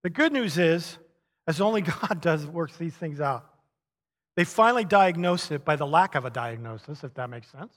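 Middle-aged male pastor, slightly higher voice, animated storyteller with chuckles, long reverb of a large church hall. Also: normal speed. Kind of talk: sermon.

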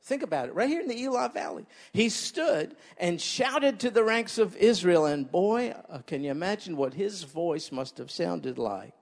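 Animated preacher with a lively high voice. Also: male voice, moderate pace, vocal fry, hardly any pauses, long reverb tail. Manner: animated, asks listeners questions. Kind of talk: sermon.

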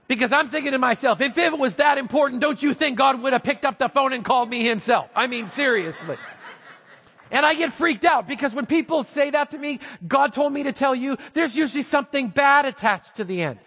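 Animated, high-voiced male pastor preaching. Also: a little fast, slightly rough. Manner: animated, humorous storytelling. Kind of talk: sermon. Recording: long hall reverb.

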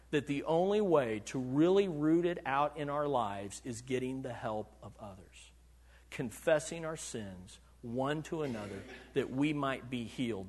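Male pastor, sermon, high-pitched voice, questions to the congregation, loud bursts then hushed lows. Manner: asks the congregation questions and waits for answers.

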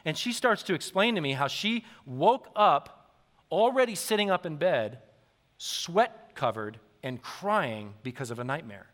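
Bright-voiced male pastor in a reverberant hall. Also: a little high, a little slow. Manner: lively, animated storytelling to a congregation. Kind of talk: sermon. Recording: long reverb of a large hall.

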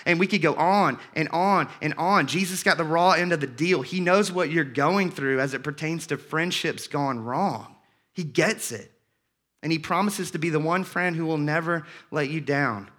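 Bright-voiced preaching man. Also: a little high. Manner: earnest preaching, rising in force when reading scripture aloud; repeats words and restarts phrases. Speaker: pastor. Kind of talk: sermon.

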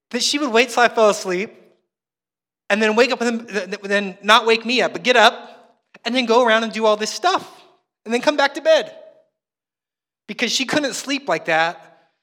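A man's voice: high-pitched, pushed and bright. A man preaching a sermon as pastor, telling chatty, self-mocking stories. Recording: long hall reverb.

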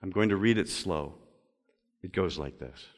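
A male pastor delivering a sermon, moving between loud emphatic stretches and slow, quiet reading. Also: low voice. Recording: long reverb of a large hall.

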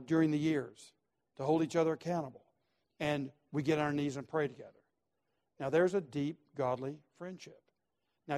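A male pastor preaching a sermon, emphatic and repetitive, swinging between quiet asides and loud stresses. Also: a little high.

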